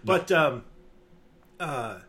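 A man co-hosting a casual podcast, his voice bright and a little high. He rambles in loose chat, stopping and restarting his sentences and filling gaps with small fillers. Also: lively intonation, very slow. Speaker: podcast co-host.

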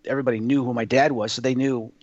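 A man's voice: medium pitch, fairly even intonation, very fast, a little mellow, dry recording, dull audio. A man telling personal stories in a casual interview, earnest and rambling, with many fillers and restarts. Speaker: guest sharing personal experiences. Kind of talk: casual spoken storytelling.

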